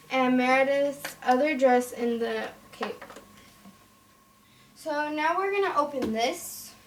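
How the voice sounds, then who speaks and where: A woman's voice: sits high, fairly bright tone. A woman casually showing a toy playset and rambling through its story. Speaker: toy reviewer. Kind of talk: toy unboxing and story retelling. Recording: roomy, from far off, faint noise.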